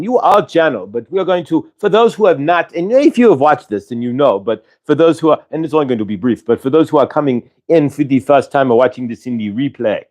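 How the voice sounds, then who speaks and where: Chatty angelic spirit duo, speaks as "we", higher than his own voice, as a man channels them. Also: darkish tone. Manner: speaks as "we", chatty and lecturing, raised voice. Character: channeled angelic spirit pair speaking as one "we", friendly and teaching.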